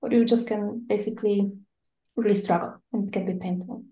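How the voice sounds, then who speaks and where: A woman speaking as an in a casual spiritual discussion, hesitant and full of uhs. Her voice is gravelly and mellow, with a flat, even pitch. She sounds like she is in an echoey room on a call. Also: fairly quick. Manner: hesitant, with many uhs and non-native phrasing.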